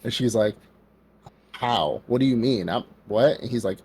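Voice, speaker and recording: This podcast co-host has a medium-pitched, slightly rough voice with a darkish tone, speaking at an ordinary pace. He recounts an anime story casually, performing the characters' quotes and sprinkling in plenty of "like."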